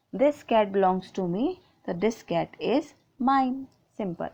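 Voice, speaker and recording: With dull audio, a woman's dark, mid-range voice comes through expressive and slow, with hardly any pauses. Speaking with an Indian English accent, the teacher patiently explains textbook grammar exercises, reading out sentences and repeating answers.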